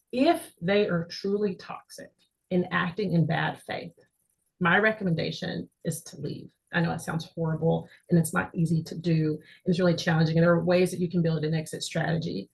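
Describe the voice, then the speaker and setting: A woman with a slightly gravelly, fry-tinged voice talks through workplace advice as a webinar panelist. She speaks earnestly and conversationally, tossing in quick asides to the audience as she goes. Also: fairly low pitch, rough recording. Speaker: panelist, manager at a large organization.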